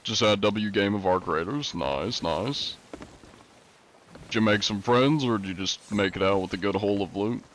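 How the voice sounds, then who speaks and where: A young adult man livestreaming, chatting casually with his viewers in a relaxed, rambling way with many fillers. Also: on the low side, normal speed, slight background noise. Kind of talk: casual chat with stream viewers.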